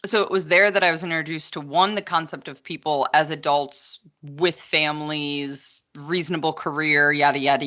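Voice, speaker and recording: Chatty woman, low bright voice. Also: lo-fi sound. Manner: long-winded, chatty, many asides. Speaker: podcast guest, potter. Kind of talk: casual chat.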